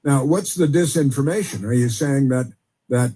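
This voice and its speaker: A man's voice: medium pitch, normal speed, mellow, husky. A man hosting a talk show, giving casual, sarcastic commentary in a rambling way, with many fillers and restarts. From United States. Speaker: podcast host.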